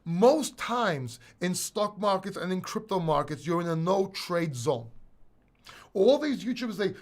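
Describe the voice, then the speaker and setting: A man's voice: sits high, very animated, measured pace. A man hosting a casual crypto livestream, reading and answering chat questions in a blunt, rambling way with restarts and swearing.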